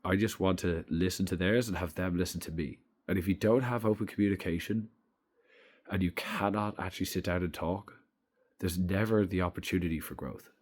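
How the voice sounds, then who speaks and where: A man's voice: low-pitched, fairly quick, darkish tone. A young man giving a blunt, emphatic opinion monologue to camera, swearing freely. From Ireland. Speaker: vlogger.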